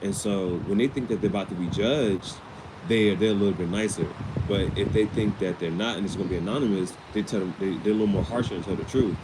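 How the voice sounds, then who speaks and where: A man's voice: fairly low pitch, quick pace, noisy background. A man casually recapping a TV episode in slangy, rambling speech with many restarts. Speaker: vlogger.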